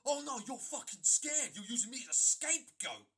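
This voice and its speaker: A man voicing an aggressive young man who is picking a fight, taunting and shouting. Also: extremely high pitch, big pitch swings, fairly quick, slightly rough, voice pushed up, heavily acted.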